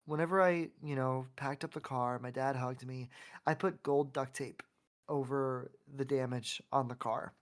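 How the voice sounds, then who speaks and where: A man's voice: medium pitch, fairly even intonation, unhurried. A man from Oklahoma, a self-love coach and podcast guest, telling a heartfelt personal story in a rambling way with many restarts.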